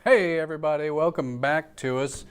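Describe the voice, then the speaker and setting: A man's voice: a little high, normal speed, clean tone. Male talk host, upbeat and chatty, clean resonant voice. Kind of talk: live-streamed talk show chat.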